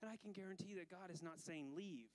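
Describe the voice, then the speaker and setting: In a rough recording, a high-pitched pastor preaches fast and animatedly, trading loud emphasis for quiet asides and laughing frequently between phrases.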